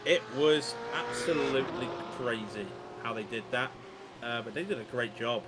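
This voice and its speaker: A man's voice: mid-range voice, moderate pace, heavy background noise. An English man commentating a long motor race, chatty and laughing as he tells stories between updates. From England. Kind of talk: casual co-commentary chat. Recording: commentary over loud race-car sound.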